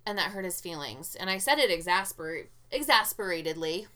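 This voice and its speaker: Bright-voiced woman, candid and sweary. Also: on the low side, fairly quick. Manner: candid, swears freely, animated storytelling. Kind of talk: casual chat.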